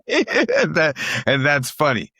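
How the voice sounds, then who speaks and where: A man's voice: on the high side, huge pitch swings, slow pace, pushed and bright, breathy edge, no room sound, clean studio sound. A middle-aged man, a guest comedian telling stories in casual chat, who repeats phrases for emphasis and acts out what other people said.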